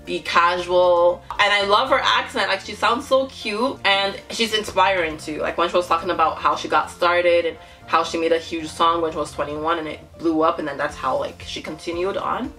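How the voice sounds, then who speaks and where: A woman's voice: lowish voice, fairly even intonation, moderate pace, few pauses, bright, forceful tone, faint music behind. A woman hosting a casual reaction vlog, chatty and gushing, laughing often as she talks to her viewers. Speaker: reaction YouTuber.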